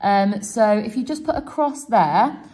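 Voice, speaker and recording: This French teacher's mid-range, mellow voice has lively intonation and a measured pace. She shows her students a self-quiz method in class, breaking it into steps and cheering them along.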